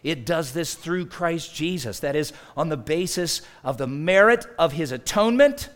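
Conversational male preacher, fairly high voice. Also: animated, normal speed. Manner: conversational, swings from loud emphasis to quiet intimacy. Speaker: pastor. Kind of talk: sermon.

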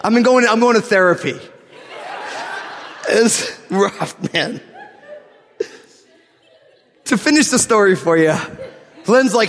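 A man from New Jersey preaching a sermon, mixing scripture reading with animated, joking stories and laughing through his lines. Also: high-pitched, slow, pauses often, long reverb tail. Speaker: pastor. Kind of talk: sermon with humorous storytelling.

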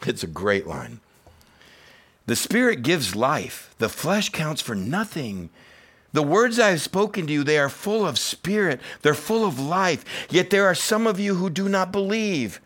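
The pastor, a man with a fairly high voice, preaches at a measured pace. His sermon is animated yet casual and conversational, with loud emphatic peaks, quiet reflective passages, and quoted voices acted out.

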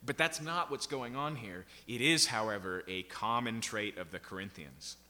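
A man's voice: fairly low pitch, normal speed, bright, forceful tone. A man preaching an expository sermon from the pulpit, emphatic and checking in with his listeners with frequent "right?" and "okay?". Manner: emphatic, keeps asking the congregation "right?" and "okay?". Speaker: pastor. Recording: long reverb of a large hall.

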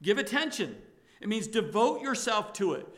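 A male pastor preaching a sermon to his congregation, emphatic and rising to loud exhortation. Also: high-pitched, big pitch swings, normal speed.

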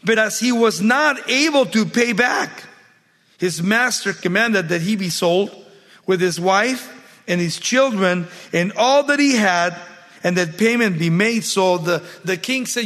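Guy preaching, reads verses then hammers the point w repeats, high voice. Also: animated, measured pace, a bit bright, big-room sound. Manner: reads scripture then expounds, emphatic repetition. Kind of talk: sermon.

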